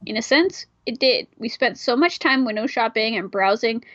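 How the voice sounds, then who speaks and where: A woman's voice: fairly high pitch, expressive, moderate pace, fairly bright tone, no room sound, lo-fi sound. A woman reading a visual novel aloud in a casual way, breaking off for irreverent, swearing asides. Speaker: player reading a game aloud.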